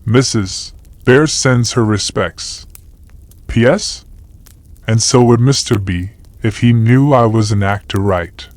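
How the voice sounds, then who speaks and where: A man's voice: on the low side, takes it slowly, no echo. A man voicing a cheeky young schoolboy who chatters through a letter full of postscripts, in an audiobook. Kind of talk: audiobook character voice.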